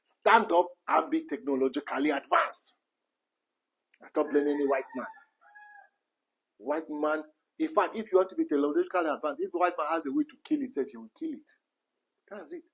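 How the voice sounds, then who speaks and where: A man's voice: on the high side, fairly quick, pauses often, husky, low-quality recording. A Nigerian man giving an impassioned rant, full of repeated phrases and rhetorical questions. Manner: repetitive, rhetorical questions, emphatic.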